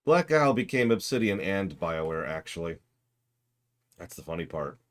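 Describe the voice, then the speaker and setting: Low-voiced, rambling male game streamer. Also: very animated, normal speed. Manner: rambling, chatty, self-deprecating asides. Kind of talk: casual live game commentary.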